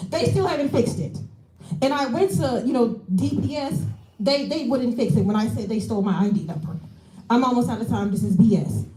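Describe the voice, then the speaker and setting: A woman's voice: fairly high pitch, a little fast, dark tone, echoey room, poor audio. A woman making an angry, aggrieved public comment at a council meeting, piling up complaints. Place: council chamber.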